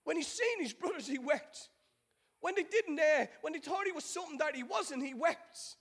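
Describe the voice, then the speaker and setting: A man's voice: very high-pitched, expressive, moderate pace, a bit bright. A man preaching a sermon as pastor, building his points with rhetorical questions and repetition, and acting out the voices of the people in his story. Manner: acts out quoted voices of biblical figures.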